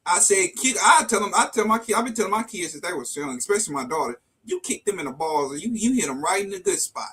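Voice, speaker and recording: A man with a high, ringing, bright voice hosts a casual live-streamed chat. He talks earnestly and circles back over his words as he gives advice. His voice comes through a video call. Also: expressive, fast talker, few pauses, slight background noise, rough recording. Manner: earnest, repeats himself while advising. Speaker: show host.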